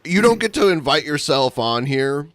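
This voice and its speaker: A man's voice: a little high, very animated, moderate pace, fairly bright tone, dry recording. Blunt, profane man co-hosting a podcast. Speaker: podcast co-host. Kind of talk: casual podcast chat.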